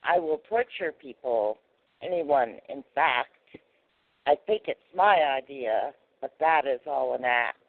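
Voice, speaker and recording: A man's voice: medium pitch, lively intonation, measured pace, vocal fry, no echo. A man voicing an obedient male computer chip in a poem he recites on a radio call, in a mechanical, rhyming way. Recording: tinny dry phone line.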